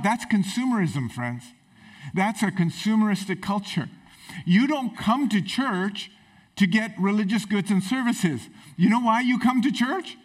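A man preaching a sermon in a church, emphatic and exclamatory. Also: sits high. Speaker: pastor. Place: church sanctuary.

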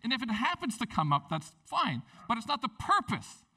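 A tired male pastor preaching with animated, rambling energy, his voice bright and edged with gravel. His pitch sits a little high and leaps up to stress a point. He sounds somewhat distant from the microphone. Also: moderate pace. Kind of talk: sermon.

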